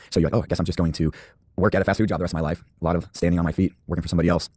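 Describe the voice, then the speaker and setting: Male interview guest, low husky voice, earnest ramble, dry sound. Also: flat delivery, rapid-fire, darkish tone, dry recording. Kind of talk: interview answer.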